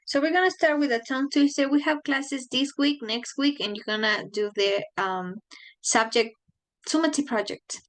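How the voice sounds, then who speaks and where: A woman's voice: sits high, moderate pace, fairly bright tone. A woman teaching an online English class, friendly, asking her students the same questions again and again.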